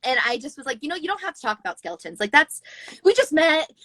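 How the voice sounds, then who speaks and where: Woman, American accent, high voice, animated storyteller, dry close sound. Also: fast talker, no room sound, low-quality recording. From Utah, USA. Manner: animated storyteller, laughs often. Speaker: podcast guest. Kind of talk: casual chat.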